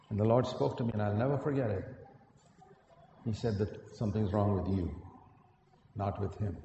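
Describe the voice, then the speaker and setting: A man preaching a sermon with earnest storytelling, climbing to emphatic peaks and then dropping quiet. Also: medium pitch, fairly even intonation, moderate pace, pauses often, highs cut off, a little hiss or hum. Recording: echoey hall, picked up from a distance.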